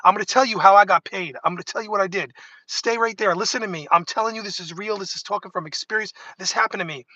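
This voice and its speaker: A man's voice: high-pitched, fast talker, bright, forceful tone, a little hiss or hum. A man hosting a livestream, talking casually and animatedly to the camera, rambling and often interrupting himself. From New York State. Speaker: livestream host.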